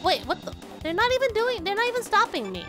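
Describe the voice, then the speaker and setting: Excitable woman game streamer, very high, lively delivery. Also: fast talker, over loud music. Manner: chatty, rambling, excitable. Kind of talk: casual game commentary.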